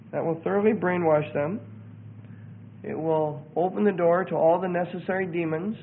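High-voiced preacher on tinny audio. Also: male voice, breathy edge. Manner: emphatic, repeats words for effect. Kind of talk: sermon-style teaching on a religious group.

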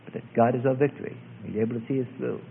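A man preaching a sermon with emphatic delivery, swinging from loud calls to hushed passages. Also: mid-range voice, steady tone, quick pace, gravelly, slight background noise. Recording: tinny lo-fi phone-like recording.

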